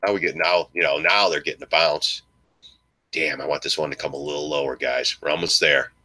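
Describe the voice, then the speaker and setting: A man giving excitable live stock market commentary to his viewers, joking and swearing as he goes. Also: a bass voice, brisk. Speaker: stock trading streamer.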